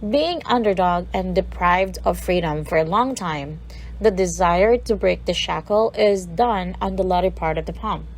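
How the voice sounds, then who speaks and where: A woman's voice: lowish voice, moderate pace, rough recording. A woman from the Philippines presenting a recorded literature lesson, reading a poem aloud and breaking down its sounds word by word.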